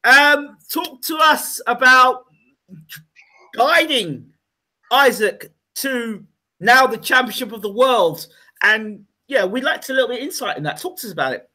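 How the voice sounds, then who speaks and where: A woman interviewing guests, asking questions in a hesitant, halting way. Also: on the high side, lively intonation, sharp tone.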